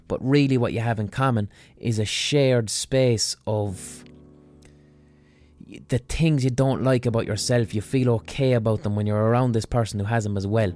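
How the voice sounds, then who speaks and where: A man's voice: lowish voice, fairly even intonation, moderate pace, a little mellow. A man hosting a podcast, explaining in a casual monologue in a blunt, profane way. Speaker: podcast host.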